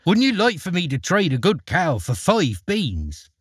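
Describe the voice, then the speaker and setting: A man voicing a polite, quick-witted young boy who speaks brightly and eagerly in a storybook reading. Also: high-pitched, huge pitch swings, slightly rough, no echo, studio quality, voice pushed up, exaggerated voice.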